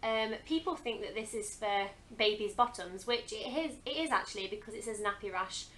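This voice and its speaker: A woman's voice: medium pitch, lively intonation, moderate pace, a bit bright, a little hiss or hum, rough recording. A young woman talking casually to camera as a vlogger, chatty and earnest, with frequent hesitant ums. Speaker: beauty vlogger. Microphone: camera mic.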